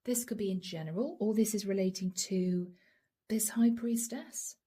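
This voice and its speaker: Tarot reader, woman, mellow husky voice, earnest and emotional, slips into whispers. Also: medium pitch, normal speed. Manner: earnest, emotional, addresses viewers directly; drops to soft whispers. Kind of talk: channeled tarot reading.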